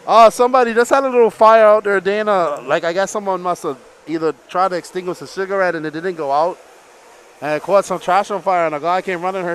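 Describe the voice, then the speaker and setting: A man calling a live RC car race as announcer, excitable and often laughing between calls. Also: sits high, a little fast, slight background noise.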